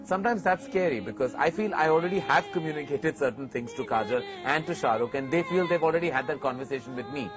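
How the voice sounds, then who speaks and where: A man's voice: on the high side, animated, fast talker, few pauses, muffled recording, music in the background. Earnest male filmmaker host. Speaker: filmmaker hosting a TV segment. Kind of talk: reflective to-camera talk.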